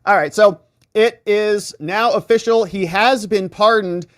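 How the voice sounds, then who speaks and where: A man hosting legal commentary, talking casually with a sarcastic, animated manner. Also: high voice, a little slow, no room sound, studio quality. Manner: animated, sarcastic, mimics reactions.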